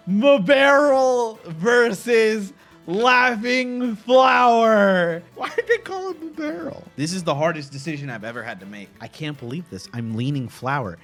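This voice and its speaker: A young man hosting a casual stream, reacting with excitable laughter and animated commentary. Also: medium pitch. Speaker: streamer host.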